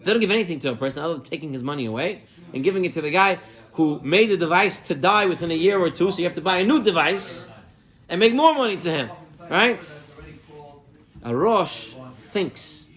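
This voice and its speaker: A man, a rabbi, giving a sermon with animated storytelling and Hebrew terms woven into his speech. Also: sits high.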